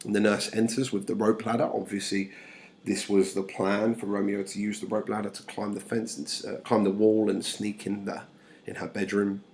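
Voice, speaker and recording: A male English teacher talks students through a play, putting the old lines into everyday language. His voice sits low and has a gravelly edge to it, and his delivery is relaxed and informal. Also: normal speed. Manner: casual, plain paraphrasing with fillers.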